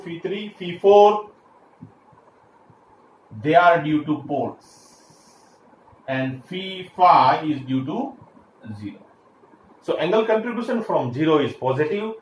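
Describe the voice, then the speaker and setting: A man's voice: on the high side, expressive, a little slow, long pauses. Lecturing man in an echoey room. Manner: explains step by step with frequent fillers and restarts. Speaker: engineering lecturer. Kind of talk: classroom lecture. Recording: echoey room, faint background hiss.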